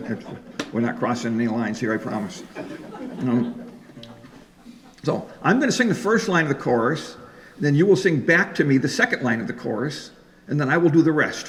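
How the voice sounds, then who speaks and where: A man telling folk stories and leading a live sing-along in a library event room. He talks in a chatty, joking way and coaxes the audience to join in. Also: mid-range voice. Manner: jokey, chatty, coaxing the audience. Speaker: folk singer and storyteller. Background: guitar.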